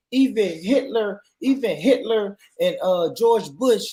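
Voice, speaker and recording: Brief: guy, high voice, stubborn, stumbles over words. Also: unhurried, dark tone, husky. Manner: insistent, repeats himself, stammers into points. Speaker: stream guest. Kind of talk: casual live stream debate.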